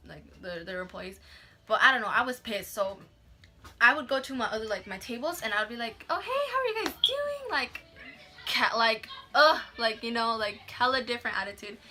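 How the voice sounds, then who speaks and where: A woman's voice: medium pitch, sharp tone. A young woman vlogger telling a story in casual chat. She swears freely, says "like" constantly and drops in Spanish words.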